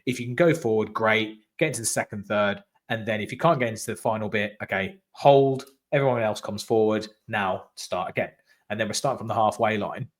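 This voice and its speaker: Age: adult. Sex: man. Role: podcast host. Style: animated casual football chat over a video call. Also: on the low side, fairly quick. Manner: animated, explains in long run-on bursts.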